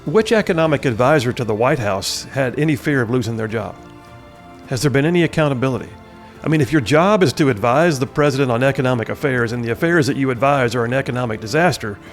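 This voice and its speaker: A man's voice: mid-range voice, animated, quick pace, faint music behind. A man hosting a scripted political commentary, emphatic and full of rhetorical questions and folksy asides.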